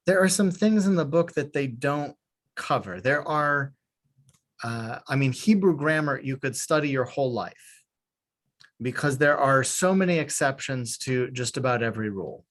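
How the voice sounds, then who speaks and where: Guy teaching beginner hebrew, slow and patient, lots of ums. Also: on the high side. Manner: slow, patient, hesitant with fillers. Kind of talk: beginner language class.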